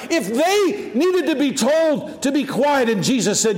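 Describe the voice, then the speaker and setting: A male pastor preaching an impassioned sermon, shouting at peaks and dropping to quiet asides. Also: very high voice, expressive, measured pace, few pauses, reverberant.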